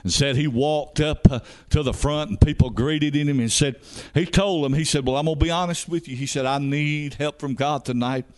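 A man preaching a revival sermon as an evangelist, fervent and peppered with hallelujahs, building up to shouts. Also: on the high side, normal speed.

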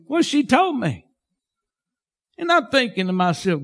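A man preaching a sermon as pastor, fervent and folksy, swinging from shouts to hushed tones. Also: very high-pitched, very animated, unhurried, pauses often.

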